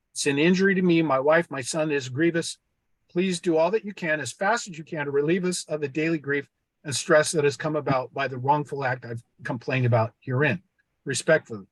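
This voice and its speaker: Older male host, slightly high voice, dry close recording, earnest and formal when reading. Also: no room sound. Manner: earnest, reads letters aloud in a formal tone. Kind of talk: casual discussion, reading a letter aloud.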